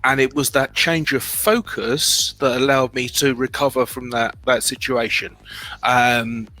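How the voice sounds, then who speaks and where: A man's voice: medium pitch, steady tone, measured pace, bright, forceful tone, soft background music, low-quality recording. A middle-aged man with a British accent, telling his own story as a guest in a candid, self-deprecating way, often restarting his sentences.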